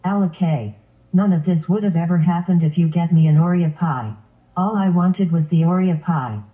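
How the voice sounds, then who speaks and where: Cartoon brat: a man doing a whiny demanding lion, high voice, tinny phone-like sound. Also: moderate pace, lightly acted. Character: bratty demanding male lion.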